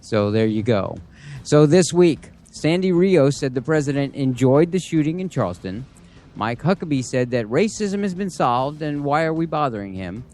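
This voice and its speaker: A man's voice: on the high side, very animated, moderate pace, a little mellow. A man presenting a satirical news segment with a sarcastic, wry delivery.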